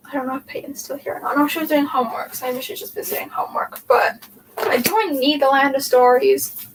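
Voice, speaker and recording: A young woman with a high voice speaks a little fast while hosting a casual livestream as a booktuber. She thinks aloud as she reorganizes the bookshelves in a room at home, rambling with lots of "like" and "um." The distant mic picks up faint background noise.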